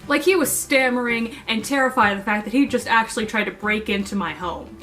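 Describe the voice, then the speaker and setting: A young woman vlogging and telling a story, animated and self-mocking. Her voice sits fairly high, and light music plays softly behind her. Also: fairly quick. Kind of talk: casual storytelling to camera.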